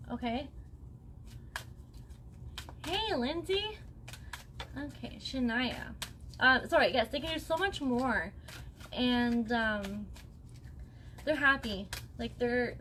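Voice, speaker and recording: A woman's voice: fairly high pitch, measured pace, pauses often, a bit bright, slight background noise. A young woman acting as a psychic medium on a live stream, talking in a chatty, reassuring way and often checking in with "okay?". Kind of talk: live-stream spirit reading.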